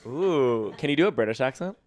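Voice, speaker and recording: A man's voice: medium pitch, animated, fairly quick, a little mellow. A man co-hosting a casual chat, asking questions in a playful, teasing way. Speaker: co-host.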